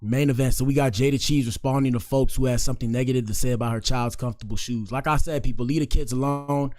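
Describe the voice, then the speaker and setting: Young male host, mid-pitched, relaxed slang-heavy commentary. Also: fast talker. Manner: laid-back, repetitive slang, says "bro" a lot. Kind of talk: casual commentary.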